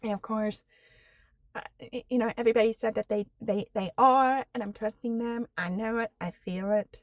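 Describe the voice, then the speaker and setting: A woman in her forties telling her own story on a personal vlog, slow and halting, with many fillers, earnest and candid. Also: a little high, steady tone, dry recording. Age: 40s. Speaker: vlogger.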